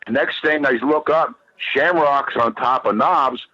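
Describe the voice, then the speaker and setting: Forceful, swearing man telling a wild story. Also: medium pitch, unhurried, no room sound, dull audio. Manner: rambling, heated, repeats himself, swears constantly. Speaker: guest. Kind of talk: profane storytelling on a podcast.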